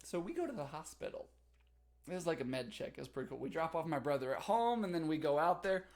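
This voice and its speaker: A young man on a casual livestream, telling a story with animated delivery, big pitch jumps and laughter. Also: fast talker. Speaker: streamer.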